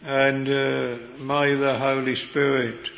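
A man's voice: mid-range voice, monotone, takes it slowly, creaky, fairly bright tone. A man preaching a sermon in an earnest, old-fashioned manner, quoting scripture, recorded in a chapel. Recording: echoey hall with long reverb.

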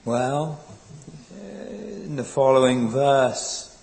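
A man preaching a sermon in a slow, earnest, pleading way, quoting old scripture. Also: mid-range voice, flat delivery, a little mellow, poor audio.

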